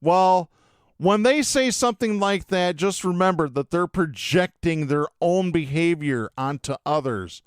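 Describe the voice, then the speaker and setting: A man's voice: fairly high pitch, expressive, measured pace, smooth, dry recording, clean studio sound. A man hosting a podcast, reading news stories aloud and breaking in with sarcastic, indignant comments. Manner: sarcastic, indignant asides between read stories. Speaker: podcast host.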